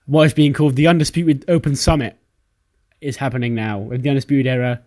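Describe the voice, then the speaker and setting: A man's voice: mid-range voice, steady tone, a little fast, a little mellow. Casual man narrating his wrestling sim. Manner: casual, swears freely, briefly voices characters. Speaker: game let's-player narrating a wrestling sim. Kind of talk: casual storytelling commentary.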